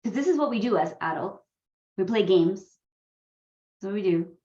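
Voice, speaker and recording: The recording is roomy and lo-fi with a dull sound, catching a woman whose mid-range voice moves at a moderate pace. Leading a coparenting course, she tells her class an animated story about her sons, mimicking their voices and laughing.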